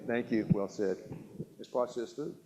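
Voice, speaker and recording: In a church hall, this male presenter delivers a nutrition talk at a measured pace, his medium-pitched voice a little mellow, with slight background noise. He keeps asking the audience questions, repeating key words and frequently starting sentences over.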